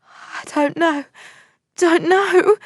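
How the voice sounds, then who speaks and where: A woman reading an audiobook, voicing a young woman in shock whose cries come out high and strained. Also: very slow, no echo, clean studio sound, full character voice. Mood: frantic. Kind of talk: audiobook character voice.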